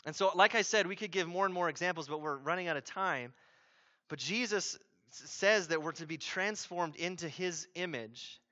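A man's voice: sits high, moderate pace, bright, forceful tone, no room sound, muffled recording. A man preaching a sermon as pastor, conversational and emphatic, acting out what people say.

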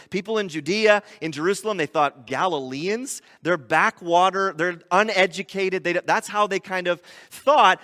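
A man preaching a sermon, animated, often acting out quoted voices. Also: high-pitched, long reverb tail. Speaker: pastor.

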